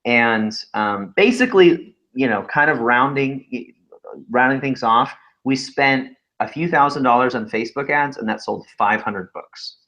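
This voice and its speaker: A man's voice: medium pitch, unhurried. Man telling stories on a webinar. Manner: animated storytelling, laughs often. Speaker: webinar co-host, author. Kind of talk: casual webinar chat. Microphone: video call. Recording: slightly dull lo-fi sound.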